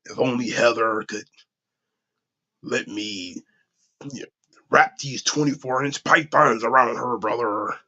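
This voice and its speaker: A deflated, boastful male pro wrestler moping in a slow, sagging drawl, put on by a man. The voice sinks far below his usual talk and stays soft and heavy. The audio is dull and lo-fi. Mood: mopey. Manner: slow, low, groaning drawl.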